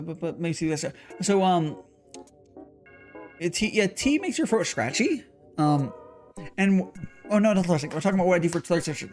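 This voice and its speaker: Young guy with a high voice, rambly casual stream chat, faint music behind. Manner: rambling, restarts and repeats words, swears casually. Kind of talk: casual livestream chat while brewing tea.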